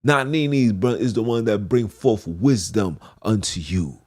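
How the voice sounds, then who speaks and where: Man, preaching monologue, low voice, slow delivery, fervent, repeats himself, old-style scripture wording. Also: darkish tone. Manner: fervent and repetitive, with archaic scripture phrasing. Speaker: spiritual podcast host.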